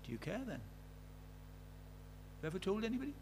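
A man's voice: high-pitched, sing-song, quick pace, vocal fry, a little mellow, slight background noise. Earnest male preacher, probing questions. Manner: earnest, questioning, retells conversations in quoted dialogue. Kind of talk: sermon.

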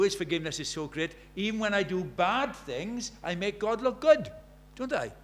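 Preaching in a fairly high-pitched voice, a man gives an animated, rhetorical sermon. He asks his congregation questions and acts out the voices of those he quotes.

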